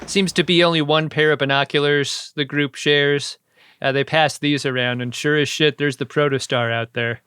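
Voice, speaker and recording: A man with a high, bright voice banters on a podcast with dry, wry jokes. His speech is crisp and clean. The recording is close and dry. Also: fairly even intonation, normal speed, no room sound. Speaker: podcast co-host. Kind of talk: casual chat recapping a TV episode.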